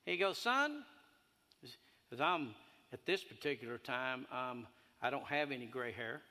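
A man in his fifties preaching a sermon, telling a personal story, then building fervently until he shouts. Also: medium pitch, moderate pace. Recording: echoey hall.

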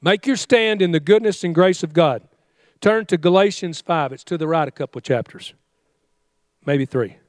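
Man, pastor, fiery exhorting sermon, high-pitched, dry close sound. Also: moderate pace, no room sound. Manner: fiery, exhorting, with call-and-response commands.

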